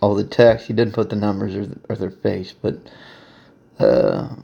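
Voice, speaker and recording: A man's voice: fairly low pitch, steady tone, measured pace, gravelly, dull audio. A man hosting a solo podcast, rambling in a crude, casual way and laughing often. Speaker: podcast host.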